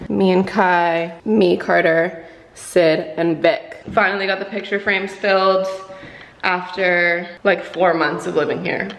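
A woman's voice: medium pitch, vocal fry. A woman vlogger talking casually and bubbly to her camera. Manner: bubbly, chatty. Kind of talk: casual vlog chat to camera. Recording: noisy background.

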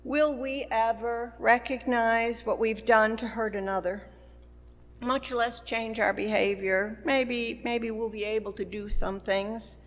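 Woman minister, sermon delivery, unhurried, in a sanctuary with long reverb. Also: fairly high pitch, steady tone. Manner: slow, measured preaching with rising emphasis. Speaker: pastor. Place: church sanctuary. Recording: long church hall reverb.

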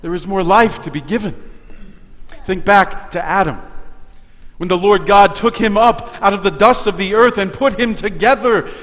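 High-voiced pastor in echoing church. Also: male voice, a bit bright. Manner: emphatic, rhetorical questions, dramatic pauses. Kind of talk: sermon. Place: church sanctuary. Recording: long church reverb.

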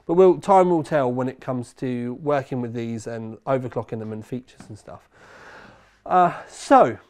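British male tech host, middle-aged, casual rambling delivery, slightly hoarse. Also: mid-range voice, normal speed, a little mellow. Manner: conversational, rambling with self-corrections. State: slightly hoarse, recovering from illness. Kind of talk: casual review chat.

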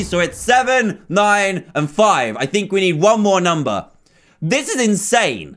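A young man giving playful, excitable gameplay commentary, often exclaiming as he plays. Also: sits high, unhurried. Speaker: gaming video host.

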